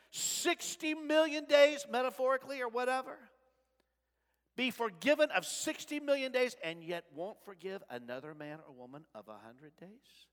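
A man preaching a sermon in a church sanctuary, swinging between shouted lines and soft asides. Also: very high voice. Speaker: pastor. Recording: long reverb of a large sanctuary.

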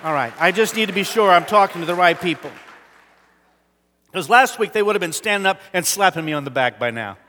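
A man preaching a sermon in a church, dramatic, swinging between loud declarations and hushed whispers while calling out to the congregation. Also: high-pitched, expressive, brisk, some chatter behind, slight background noise. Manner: calls out to the congregation. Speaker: pastor. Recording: long hall reverb.

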